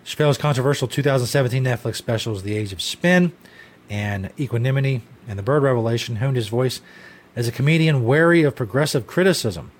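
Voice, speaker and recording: A man hosting a podcast who rants loosely and swears often. His voice sits at an ordinary pitch, and his commentary stays casual and offhand. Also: brisk. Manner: profane, ranting commentary. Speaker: podcast host.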